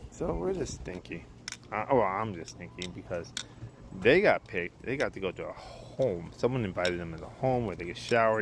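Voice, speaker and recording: A man's voice: on the low side, slight background noise. A man casually telling a long personal story outdoors while barbecuing, rambling and correcting himself, with the odd curse word.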